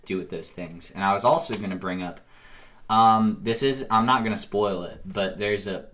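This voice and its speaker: Bright-voiced young man chatting animatedly. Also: lowish voice, normal speed. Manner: animated, laughs often, acts out game lines. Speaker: podcast co-host. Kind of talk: casual chat.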